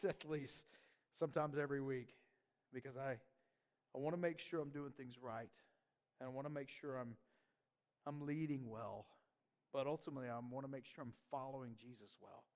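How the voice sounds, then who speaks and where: A male pastor delivering a lively sermon, laughing often and acting out little quotes. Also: mid-range voice. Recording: long reverb of a church hall.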